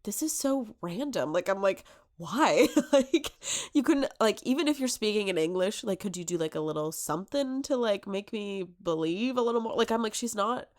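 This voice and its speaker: A woman's voice: mid-range voice, expressive, brisk, hardly any pauses, a little mellow. A woman in her twenties co-hosting a podcast, chatting casually and animatedly quoting her own reactions. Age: 20s. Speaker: podcast co-host. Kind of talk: casual chat.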